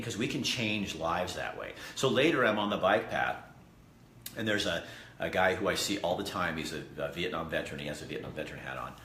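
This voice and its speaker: Deep-voiced man telling an earnest story. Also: fairly bright tone. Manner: rambling, earnest, with restarts and asides to viewers. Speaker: host. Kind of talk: casual storytelling vlog. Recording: echoey room with faint background noise.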